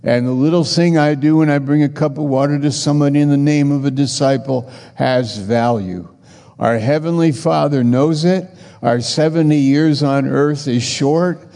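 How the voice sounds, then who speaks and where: Gravelly older man preaching in a hall. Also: a little high, normal speed, warm tone. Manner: earnest, conversational, repeats phrases. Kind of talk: sermon with personal testimony. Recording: long reverb of a large hall.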